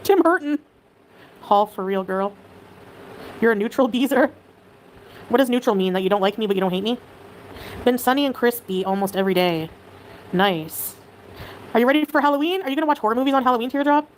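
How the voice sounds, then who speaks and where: A woman's voice: on the high side, lively intonation, fairly quick, long pauses, a little hiss or hum. A Canadian woman livestreaming, chattily reading viewer comments aloud and greeting viewers.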